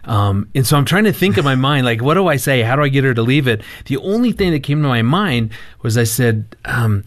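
A man's voice: medium pitch, lively intonation, fairly quick, hardly any pauses. A man, a marriage counselor appearing as a guest, telling a family story in conversation. He stops and starts, repeats his words and acts out the lines he quotes.

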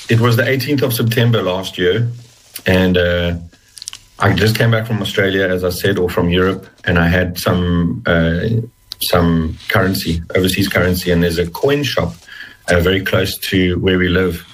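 A man's voice: sits low, fairly even intonation, unhurried, a little hiss or hum, poor audio. A man telling his personal story as an interview guest, earnest and hesitant, often restarting his sentences. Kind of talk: personal testimony in conversation.

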